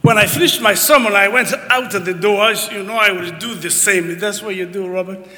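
A man in his fifties preaching a sermon as a guest preacher, excitable and emphatic with folksy asides to the congregation, in a church. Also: sits high, a little fast. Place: church sanctuary. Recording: long church hall reverb.

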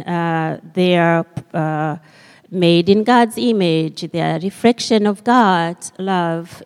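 A woman telling a story to children at church, speaking hesitantly with many pauses and fillers. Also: medium pitch, darkish tone, smooth, in a large hall.

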